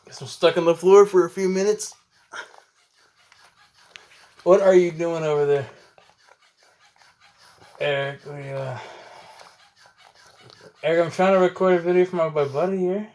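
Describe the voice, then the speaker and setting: A man's voice: fairly high pitch, unhurried, pauses often, a little mellow. A man vlogging at home, cooing at his dog and swearing casually as he talks.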